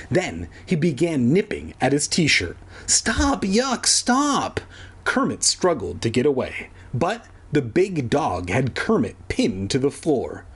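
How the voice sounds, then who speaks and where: Male reader, husky and animated, storybook narration with crude off-script asides. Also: medium pitch. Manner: irreverent, swears in offhand asides. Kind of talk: casual storybook reading with asides. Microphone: home recording, edited later.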